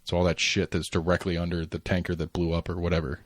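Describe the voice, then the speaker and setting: A man's voice: deep voice, monotone, fast talker, husky, no echo. A man co-hosting a casual current-affairs podcast, rambling with lots of fillers and restarts and the odd swear word. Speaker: podcast co-host.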